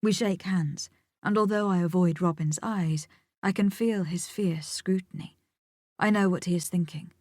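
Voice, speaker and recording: A woman narrating an audiobook in the first person, measured and intimate, sometimes dropping almost to a whisper. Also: on the low side, darkish tone, no room sound, clean studio sound.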